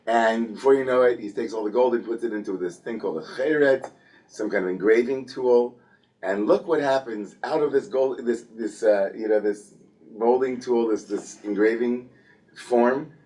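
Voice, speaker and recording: A man leading a casual Torah study class, telling the story in a lively way and acting out the characters with humor. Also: fairly low pitch, normal speed, recorded from a distance. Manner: lively storytelling, playfully acts out biblical characters, frequent restarts.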